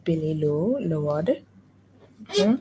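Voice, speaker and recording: A woman hosting a radio reading segment, patiently prompting and gently correcting a young reader. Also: sits low, sing-song, takes it slowly, noisy background. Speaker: radio host coaching a child reader. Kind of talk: guided reading lesson.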